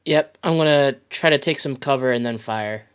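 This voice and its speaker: A man playing in a tabletop role-playing game, talking in a relaxed, chatty way. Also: medium pitch, normal speed, clear, resonant tone. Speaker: player. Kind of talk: casual tabletop game talk.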